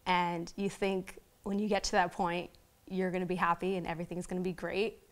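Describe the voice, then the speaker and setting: Candid young woman, halting and heartfelt. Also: on the low side, level tone. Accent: Southern Californian. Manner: halting, many restarts and fillers. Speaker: interview guest, retired boxer. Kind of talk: emotional sit-down interview.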